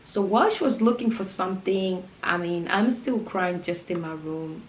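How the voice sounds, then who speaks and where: A young woman telling a personal story in a vlog, animated and laughing often as she goes. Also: lowish voice, moderate pace. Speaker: vlogger. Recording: roomy with faint background noise.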